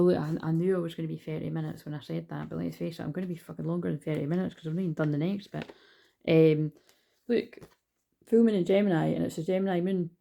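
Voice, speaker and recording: Rambling Scottish woman, gravelly and low. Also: dark tone, slight background noise. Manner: rambling, chatty, swears casually. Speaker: spiritual card reader. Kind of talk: casual card-reading vlog.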